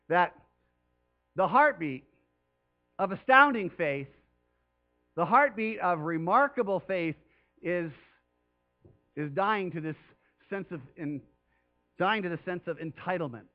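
A man's voice: high voice, expressive, moderate pace, dull audio, soft background music. A man preaching a sermon as pastor, talking earnestly and conversationally with emphatic rises.

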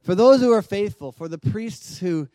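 A man preaching a sermon as pastor, moving from hushed, gentle passages to loud emphatic ones and calling out to the congregation for responses. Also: sits high, animated, normal speed, dry recording.

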